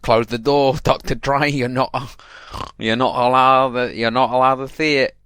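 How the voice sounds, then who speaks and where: Curt lodge gatekeeper, a shaky fake American accent put on by a man, smooth voice, dry close sound. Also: medium pitch, little pitch movement, moderate pace, fairly bright tone, dry recording, lightly acted. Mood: dismissive. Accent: failed attempt at American.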